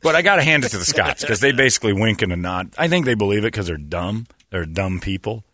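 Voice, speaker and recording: A man hosting a casual comedy chat, sarcastic and animated, now and then slipping into put-on voices. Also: on the low side, fast talker.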